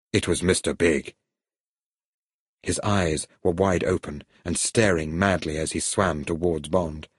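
A man narrating an adventure story at a steady, even storytelling pace. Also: deep voice, slightly rough, dry recording, clean studio sound. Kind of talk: audiobook story reading.

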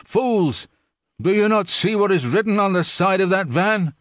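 A man voicing an old, cynical male donkey who shouts urgently. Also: high-pitched, expressive, unhurried, dry recording, studio quality, pitched above the performer's own voice. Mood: urgent alarm.

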